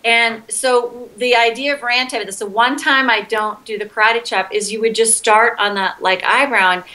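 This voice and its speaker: A woman's voice: on the high side, fairly even intonation, normal speed, pushed and bright, poor audio. A middle-aged woman as an interview guest, talking earnestly and candidly and acting out her own outbursts. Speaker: interview guest, EFT practitioner.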